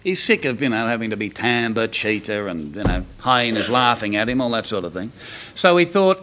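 An Australian man telling a long animal joke on a TV variety show, animated and full of sound effects. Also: fairly low pitch, fairly quick, slight background noise. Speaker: comedian telling jokes. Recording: TV studio with audience. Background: studio audience laughter.

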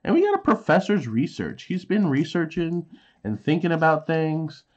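A man's voice: on the high side, very animated, moderate pace, muffled recording. A man in his thirties casually chatting while opening trading card packs, reading card names aloud and making sound effects. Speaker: card unboxing host.

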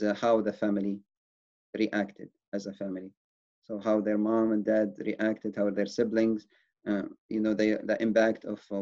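A man's voice: on the low side, dark tone. A man giving an earnest, reassuring educational talk on wellness. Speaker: wellness presenter. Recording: dull lo-fi recording.

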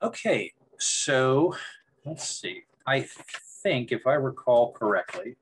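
A man's voice: medium pitch, sing-song, slow pace, slight background noise, poor audio. A man running a tabletop game as game master, narrating in a meandering way with frequent restarts.

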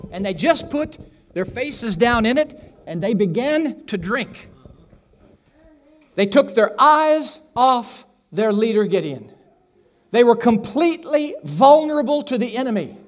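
A man preaching a sermon in a church, telling a story with acted-out voices and asking the congregation questions. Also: high voice. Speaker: pastor. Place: church sanctuary.

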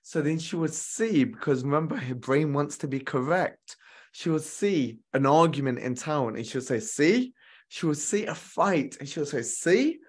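A man's voice: on the high side, moderate pace, breathy edge. A man giving a motivational relationship coaching talk straight to viewers, earnest and repeating key lines for emphasis.

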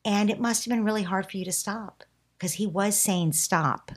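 A woman being interviewed on a podcast as a parenting expert, calmly explaining and acting out what a parent and child might say. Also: medium pitch, normal speed. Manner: acts out parent and child lines, calm and explanatory.

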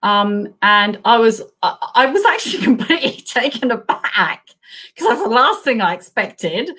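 A woman from Australia who writes crime thrillers, telling an animated story on a video call, laughing often and acting out what people said. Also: on the high side, moderate pace, husky. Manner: acts out quoted voices. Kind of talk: live video chat interview.

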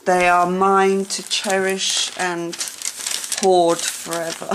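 A woman's voice: on the low side, fairly even intonation, extremely slow, noisy background. A woman vlogger unboxing gifts at home, gushing with overwhelmed exclamations and stammering restarts.

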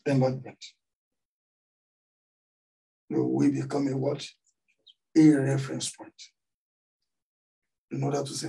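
A man's voice: mid-range voice, level tone, a little slow, gravelly, long pauses, warm tone. A middle-aged man from Nigeria with a Nigerian accent, preaching a sermon as pastor in a church and asking the congregation to finish his sentences. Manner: call-and-response questions to the congregation. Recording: voice somewhat distant from the mic.

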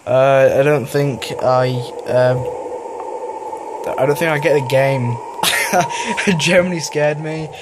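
Young guy rambling slowly over a horror game, laughs when scared, noisy background. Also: on the high side, steady tone. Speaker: gaming YouTuber. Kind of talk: casual let's play commentary. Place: home room, family noise downstairs.

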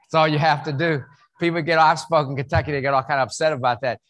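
A man's voice: a little high, little pitch movement, fast talker, fairly bright tone. Joking Southern man giving a keynote. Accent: Southern American. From West Virginia. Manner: folksy, joking storyteller. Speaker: keynote speaker. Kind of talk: humorous motivational talk. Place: event hall.

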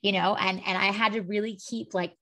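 A woman's voice: mid-range voice, steady tone, brisk, sharp tone. A woman hosting a podcast, telling a personal story in rambling casual chat full of filler words. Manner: rambling storyteller, many "like"s and "you know"s. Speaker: podcast host.

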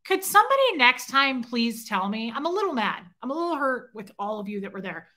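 A woman's voice: a little high, very animated, fairly quick, sharp tone. A woman hosting a casual livestream, chatting with viewers and reading their comments aloud, self-deprecating and teasing. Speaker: livestream host. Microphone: phone.

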